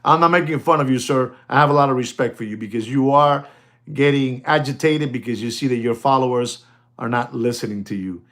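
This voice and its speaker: A man selling watches in a casual, rambling talk, often calling out to ladies and gentlemen and laughing as he goes. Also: medium pitch, a little fast. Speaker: watch dealer. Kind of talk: casual chat.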